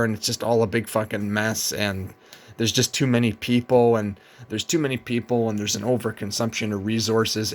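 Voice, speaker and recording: Weary, low-voiced man ranting casually. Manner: weary, profane, repeats himself with many fillers. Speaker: vlogger. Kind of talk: rambling casual monologue.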